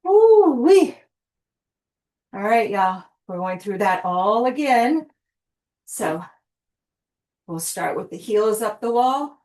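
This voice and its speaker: Slow-talking winded woman fitness coach. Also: mid-range voice. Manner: encouraging, breathy exclamations between cues. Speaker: fitness instructor. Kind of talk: live workout coaching.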